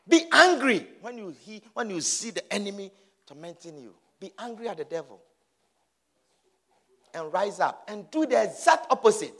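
A man's voice: high-pitched, expressive, measured pace, long pauses, a bit bright. A man preaching a sermon, urging his listeners with emphatic, repeated exhortations.

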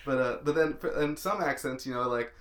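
A man from Brooklyn with a Brooklyn accent, co-hosting a podcast in animated casual chat. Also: medium pitch, brisk. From Brooklyn, New York. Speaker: podcast co-host. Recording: roomy echo.

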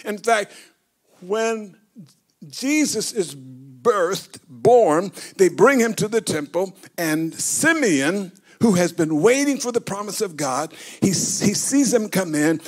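A man's voice: high-pitched, big pitch swings, slow. A man preaching a sermon as bishop. He tells the scripture as a story, acting it out and leading the congregation in call and response.

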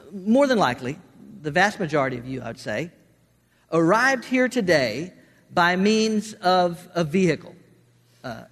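A man's voice: high voice, fairly bright tone, big-room sound. A man preaching a sermon to a congregation, emphatic, often repeating words as he restarts a phrase. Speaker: pastor.

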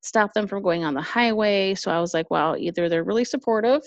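A woman's voice: mid-range voice, brisk, no room sound, muffled recording. A woman in casual conversation, rambling with many fillers and likes. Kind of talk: casual chat.

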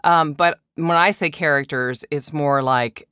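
A man's voice: on the high side, measured pace, bright, forceful tone, clear, resonant tone, no room sound, studio quality. A man being interviewed as a voice actor, answering with hesitations and correcting himself as he goes. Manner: hesitant, with fillers and self-corrections. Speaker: guest voice actor. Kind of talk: casual interview chat.

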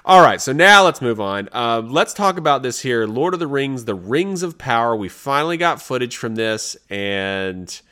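A man co-hosting a casual podcast chat, his pitch swinging widely as he gets excited. He jumps in with bursts of enthusiasm and restarts his sentences often. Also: moderate pace, few pauses. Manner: animated, excitable, frequent restarts. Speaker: podcast co-host.

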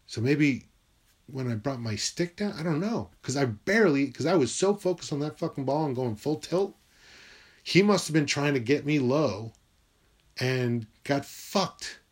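A man telling a personal story from his school days in a wry, profane, animated way. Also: mid-range voice, measured pace, breathy edge.

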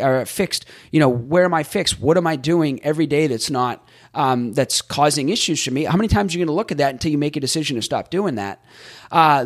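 A man with a somewhat high voice hosts a podcast and talks through ideas on his own. His delivery is chatty and loose. He thinks out loud and keeps checking in with rhetorical questions. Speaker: podcast host. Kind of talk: solo podcast recap.

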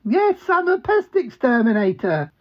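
A man's voice: very high voice, sing-song, measured pace, lo-fi sound, voice pushed up, heavily acted. A man voicing a bumbling, cheerful male talking duck who quacks between sentences and stammers. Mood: chirpy. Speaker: regular comedy character.

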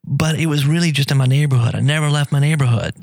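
Gravelly-voiced middle-aged male radio host. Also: fairly high pitch, fast, darkish tone, no echo. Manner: rambling, friendly, many fillers and restarts. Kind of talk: casual live radio talk. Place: radio studio.

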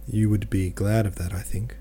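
A man voicing an aging, worried merchant father who speaks to his daughter gravely and gently. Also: lowish voice, fairly even intonation, moderate pace, a little hiss or hum, lightly acted. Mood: grave, gentle.

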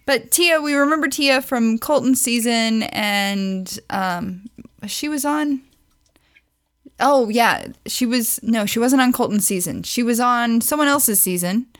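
Woman podcast co-host, fairly high voice, playful and jokey, casual chat. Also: measured pace. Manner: playful, self-deprecating, laughs easily. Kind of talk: casual chat about entertainment news.

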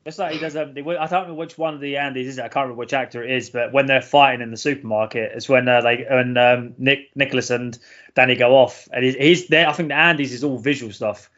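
A man's voice: medium pitch, quick pace, fairly bright tone. Man, casual podcast chat, swears a lot, dull recording. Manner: swears freely, acts out film quotes. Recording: dull lo-fi sound.

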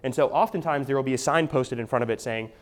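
A man delivers an expository sermon at a middle pitch. He teaches conversationally, restarting phrases and checking in with his listeners. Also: fast talker. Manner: conversational teaching, frequent restarts, asks "right?". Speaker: pastor.

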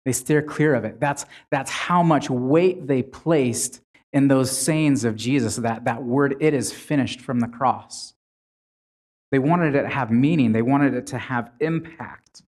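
A man's voice: medium pitch, a little slow, a little mellow. A man preaching a sermon in a conversational way, retelling scripture with frequent restarts.

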